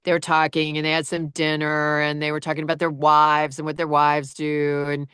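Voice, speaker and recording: A woman who narrates audiobooks talks in an easy, chatty way and laughs often as she tells stories. Her voice sits low but rings bright and crisp. The recording is close and dry, with little room sound. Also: monotone, moderate pace, no room sound. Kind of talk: casual chat.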